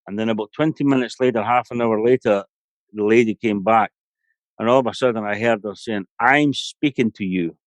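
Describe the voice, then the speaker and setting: Low-voiced Scottish man telling a story. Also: no room sound. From Scotland. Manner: rambling, anecdotal, frequent "you know". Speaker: podcast guest, medium. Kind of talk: storytelling in a podcast interview.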